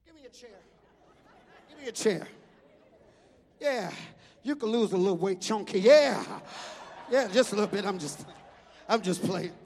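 High gravelly preacher man, echoey hall. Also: lively intonation, moderate pace, long pauses, a faint crowd. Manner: shouting, rhythmic. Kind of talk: storytelling sermon.

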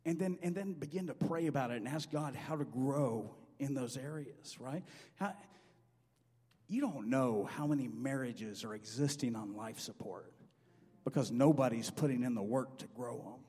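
A middle-aged man preaching a sermon in a church, animated and acting out quoted dialogue in a loud voice. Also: medium pitch, moderate pace, breathy edge. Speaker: pastor. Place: church sanctuary. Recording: long hall reverb.

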